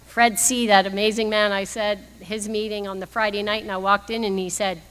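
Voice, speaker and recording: Bright-voiced woman telling her story. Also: mid-range voice, level tone, brisk. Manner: laughing often while telling her story. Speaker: speaker at a recovery meeting. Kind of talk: humorous personal testimony. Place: meeting hall. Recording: long hall reverb.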